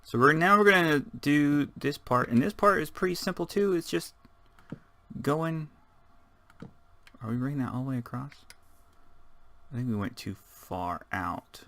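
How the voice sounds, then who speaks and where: A man's voice: fairly high pitch, lively intonation, a little slow, pauses often, pushed and bright. A man giving rambling, casual let's-play commentary, chatting and muttering to himself as he builds. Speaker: gaming channel host.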